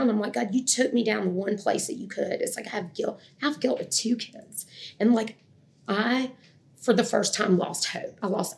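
Earnest woman with gravelly voice. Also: mid-range voice, a little mellow. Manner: earnest, candid, quotes others' words. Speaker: guest telling her adoption story. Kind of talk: emotional personal storytelling.

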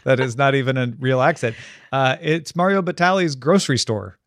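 A man's voice: medium pitch, brisk, no echo. A man co-hosting a podcast in casual chat, easygoing with dry, joking asides. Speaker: podcast co-host.

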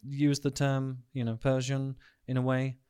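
A man asks guests questions in a measured, hedging way, his voice sitting mid-range. The recording is dry and close. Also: mid-range voice, completely flat delivery, mellow, smooth, dry recording. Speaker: interviewer. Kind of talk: interview questions.

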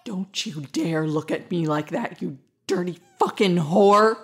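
An actress playing a hostile, contemptuous real estate agent in a radio drama, speaking in a cold, demanding way. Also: female voice, on the high side, lively intonation, slow, darkish tone. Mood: vicious.

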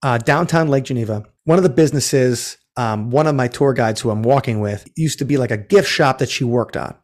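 Speaking fairly quickly at a medium pitch, a man who runs ghost tours recounts a story in a relaxed interview. He wanders, restarts, corrects himself, and performs other people's lines.

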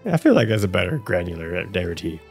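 A man co-hosting a casual podcast, chatting with excited, geeky enthusiasm and frequent laughter. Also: deep voice, racing, breathy edge, faint music behind. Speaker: podcast co-host. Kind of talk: casual chat.

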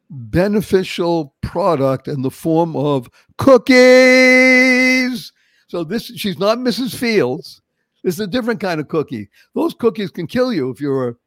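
A man's voice: high voice, darkish tone, dry recording. A man from Boston with a Boston accent, hosting an interview show with emphatic, theatrical delivery that acts out little scenes. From Boston, Massachusetts. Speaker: podcast host. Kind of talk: enthusiastic interview introduction.

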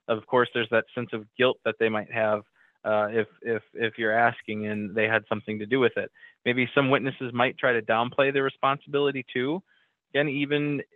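A man's voice: mid-range voice, dry recording. A man co-hosting an instructional safety talk, speaking conversationally with many fillers and restarts. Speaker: co-host. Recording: tinny phone-like line.

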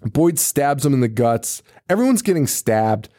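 On a podcast, a co-host with a medium-pitched voice speaks a little slowly while casually reviewing a horror movie. His manner is animated and full of profanity, and he laughs often as the chat goes on.

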